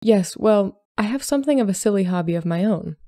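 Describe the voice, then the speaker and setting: A reserved young Regency gentleman, voiced by a woman reading aloud speaks in plain, polite, formal phrases. The voice is low and gravelly, warm and dark, with a dry close sound. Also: normal speed, dry recording, close to an everyday voice. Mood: earnest.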